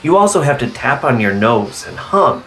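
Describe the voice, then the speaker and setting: Bright, lively absurdist comedy man. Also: mid-range voice, moderate pace, soft background music, rough recording. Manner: deadpan absurd, shifting to sudden shouts. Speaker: comedy sketch creator.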